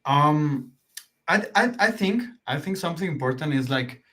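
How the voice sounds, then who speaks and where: A man co-hosting a livestream, relaxed and quick with reactions. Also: a little high. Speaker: livestream co-host. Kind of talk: casual live chat.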